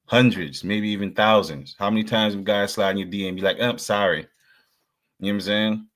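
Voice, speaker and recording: A man's voice: on the low side, fairly even intonation, normal speed, fairly bright tone. A man co-hosting a podcast, giving earnest, repetitive dating advice in casual chat. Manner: earnest, preachy advice with repeated "you know what I'm saying". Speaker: podcast co-host.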